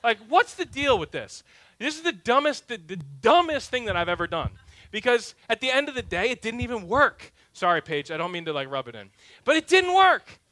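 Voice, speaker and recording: A man in his thirties preaching a sermon as a pastor, telling a self-mocking story with humor and swinging between loud, punchy lines and hushed, quiet ones. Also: high voice, sing-song, fairly quick, dry recording. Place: church sanctuary.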